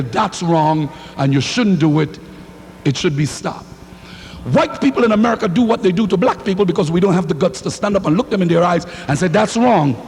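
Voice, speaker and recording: Fiery high-voiced preacher. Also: male voice. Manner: fiery, rising to shouts, call-and-response. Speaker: pastor. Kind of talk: sermon. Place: church sanctuary. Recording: hall reverb, faint hum.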